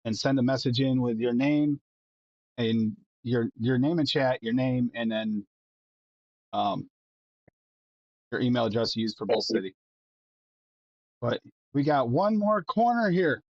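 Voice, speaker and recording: A man's voice: mid-range voice, a little slow, pauses often, no echo, dull audio. A man hosting a live stream in casual chat, rambling in an easygoing way with lots of fillers. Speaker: show host.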